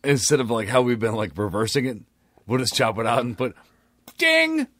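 A man's voice: medium pitch, fairly even intonation, a little fast, dry recording, clean studio sound. A man co-hosting a casual podcast, teasing his partner with a drawl. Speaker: podcast co-host. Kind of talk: casual chat.

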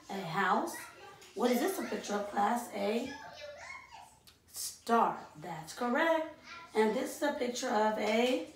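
Woman kindergarten teacher, slow drawn-out sing-song delivery, echoey room, mic at a distance. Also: a little high, slight background noise. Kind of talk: online class lesson.

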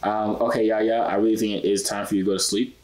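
A young man chatting with strangers on a video call, teasing them with playful questions. His voice sits a little low, and he keeps the talk loose and joking. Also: level tone, quick pace, darkish tone. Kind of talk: casual video chat.

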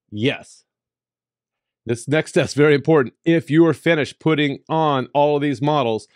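Man, software tutorial voice-over, emphatic, playful, mid-pitched, dry close mic. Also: dry recording. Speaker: tutorial host. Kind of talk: screen-recorded software tutorial.

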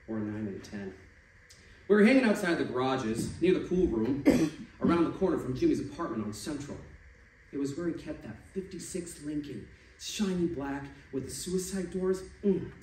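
Male actor reading aloud on stage, animated, slightly higher voice, echoey hall, heard from a distance, faint noise. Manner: expressive, changes voice for quoted figures. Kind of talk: dramatic reading at a live event. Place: stage venue.

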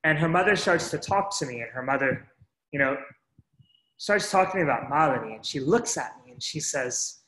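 Man, storyteller, earnest and direct with his listeners; slightly high voice, roomy echo. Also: animated, moderate pace, fairly bright tone. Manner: earnest, strings sentences with "and so", addresses the audience as folks. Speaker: speaker sharing a story. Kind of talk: first-person storytelling talk. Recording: echoey room.

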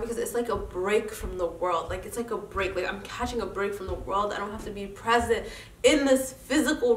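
A woman's voice: mid-range voice, fairly bright tone, far from the mic. Young woman vlogger, stuffy nose, earnest and encouraging, recorded off-mic in an echoey room. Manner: earnest, encouraging, addresses viewers directly. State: congested nose. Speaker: vlogger host. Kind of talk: casual motivational faith talk.

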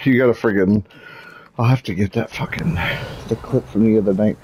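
A man's voice: lowish voice, fairly quick, dark tone, slight background noise. A man in casual gaming voice chat on a headset, swearing freely and laughing a lot as he tells stories. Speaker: gamer in voice chat.

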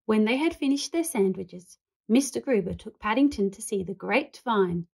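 A woman's voice: mid-range voice, animated, normal speed, vocal fry, a little mellow, breathy edge. Woman reading a children's storybook. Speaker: read-aloud host.

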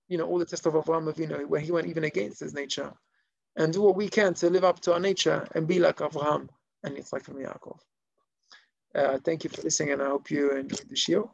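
A man, a rabbi, telling stories in an animated, conversational way to a small live class. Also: on the high side, creaky, no echo, lo-fi sound. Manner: animated, conversational storyteller with many fillers. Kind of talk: storytelling Torah lesson to a live group. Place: room with a small live audience.

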